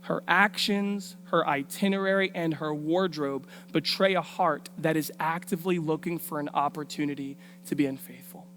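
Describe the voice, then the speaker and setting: A woman preaching a storytelling sermon in a church, colloquial and street-smart. She moves from hushed asides to loud, punchy lines. A faint hum runs under the sound. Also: low-pitched, moderate pace, hardly any pauses. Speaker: guest preacher.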